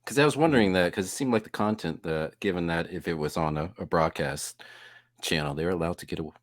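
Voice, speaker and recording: A man's voice: low-pitched, fast talker, dry recording. An American man co-hosting a casual chat, curious and laid-back. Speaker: co-host.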